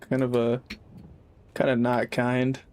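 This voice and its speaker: A man's voice: mid-range voice, completely flat delivery, takes it slowly, a little mellow. A young man chatting casually while streaming a game, rambling and laid-back, swearing freely. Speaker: live streamer. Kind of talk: casual gaming livestream chat.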